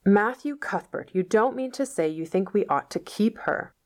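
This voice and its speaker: A woman voicing a stern, sharp-tongued middle-aged woman who speaks curtly and reproachfully. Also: medium pitch, lively intonation, moderate pace, voice pushed up, lightly acted. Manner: curt, reproachful.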